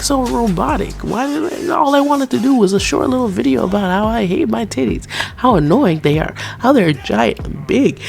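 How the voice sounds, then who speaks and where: A woman's voice: fairly low pitch, gravelly, darkish tone. A woman vlogger on an off-the-cuff rant, rambling, swearing freely and putting herself down in a blunt, frank way. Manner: rambling, profane, self-deprecating. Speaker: PNGtuber vlogger.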